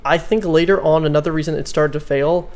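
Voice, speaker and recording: A man chatting excitedly on a podcast, swearing freely and filling with "like". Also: a little high, fairly quick. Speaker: podcast co-host. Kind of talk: casual chat.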